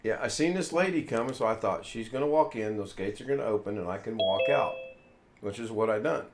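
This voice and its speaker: A man's voice: lowish voice, fairly quick, slight background noise. A man from the United States hosting a casual live chat, telling a long rambling anecdote and acting out what people said. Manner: rambling anecdotes with acted-out quotes. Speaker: show host.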